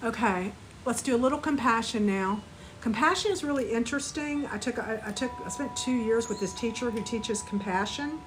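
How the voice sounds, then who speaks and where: A woman teaching a live online spiritual class, gently guiding listeners through an energy clearing and repeat-after-me compassion phrases. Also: a little high, normal speed, a little hiss or hum, rough recording.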